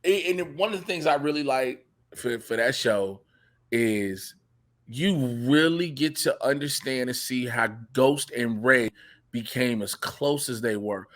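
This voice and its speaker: A man chatting casually about a TV show, slangy and animated, often acting out scenes. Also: medium pitch. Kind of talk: casual chat.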